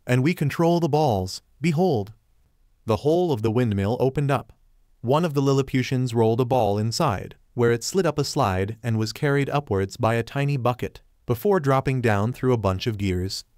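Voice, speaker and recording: A man narrating a fanfiction story in an even storybook reading manner. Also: mid-range voice, moderate pace, dry recording, studio quality.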